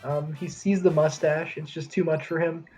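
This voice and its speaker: A man's voice: a little high, level tone, moderate pace, a little mellow, faint music behind. A man giving chatty, knowledgeable commentary on a video game speedrun, explaining tricks as he goes.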